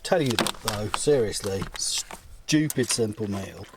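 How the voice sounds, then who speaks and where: A man's voice: on the low side, expressive, takes it slowly, background noise. A man chatting while he cooks pasta at a forest car camp, joking at his own expense and rambling with the odd swear. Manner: self-mocking, rambling, swears lightly. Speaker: vlogger. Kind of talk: casual talk while cooking. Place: forest campsite by a car, outdoors.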